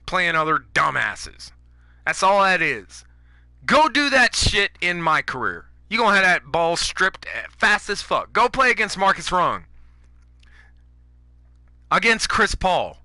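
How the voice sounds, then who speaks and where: Man, gaming commentary rant: high, very bright voice, dry close mic, profane and heated. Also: big pitch swings, measured pace, dry recording. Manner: profane, fired-up ranting. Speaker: gaming YouTuber. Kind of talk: ranting gameplay commentary.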